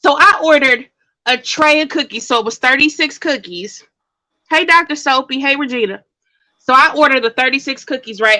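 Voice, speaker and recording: A woman's voice: sits high, pushed and bright, low-quality recording. A woman telling a story on a casual live stream. She sounds out of breath and talks in a chatty, colloquial way to her viewers.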